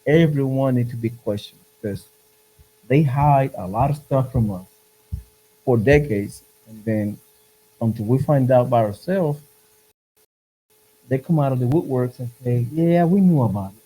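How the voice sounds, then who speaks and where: A man's voice: medium pitch, unhurried, pauses often, mellow, slightly rough, low-quality recording. A man hosting a podcast in casual chat, earnest and urging, often repeating his points. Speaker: podcast host.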